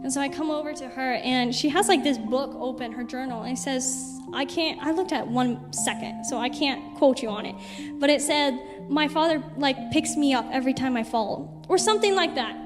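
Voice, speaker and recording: A woman's voice: high-pitched, moderate pace. A young woman, a missionary, chattily telling stories over a slideshow with lots of "like" fillers. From United States. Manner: chatty, animated storyteller with many "like" fillers. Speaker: missionary speaker. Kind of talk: casual slideshow testimony to a congregation. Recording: reverberant hall with music behind.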